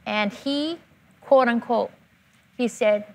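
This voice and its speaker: A woman's voice: fairly high pitch, slow pace, darkish tone. Older woman, church testimony, fervent, emotional, repetitive emphasis. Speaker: church member giving testimony. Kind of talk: personal testimony interview.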